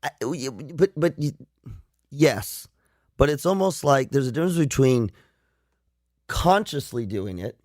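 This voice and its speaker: A man's voice: mid-range voice, expressive, a little slow, pauses often, darkish tone, dry recording, clean studio sound. A man appearing as a guest on a radio talk show, thinking aloud playfully with frequent restarts. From not from the South. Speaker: guest psychologist.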